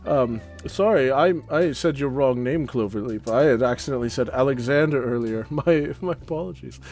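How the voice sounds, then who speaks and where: A man's voice: medium pitch, normal speed, darkish tone, soft background music. A man running a tabletop game who steps out of character and speaks apologetically. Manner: apologetic, chuckling. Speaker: game master. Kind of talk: out-of-character aside.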